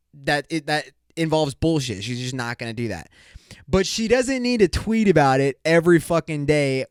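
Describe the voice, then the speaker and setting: Casting: podcast host, man, slightly high voice, blunt cussing rant, dry close sound. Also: dry recording. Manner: profane, blunt, ranting. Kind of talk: casual rant.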